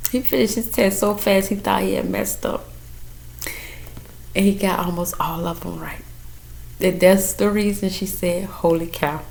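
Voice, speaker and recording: A woman talking casually and earnestly to her viewers about her faith, emotional and close to tears as she encourages them. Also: mid-range voice. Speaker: mother giving a testimony. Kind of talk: casual faith testimony vlog.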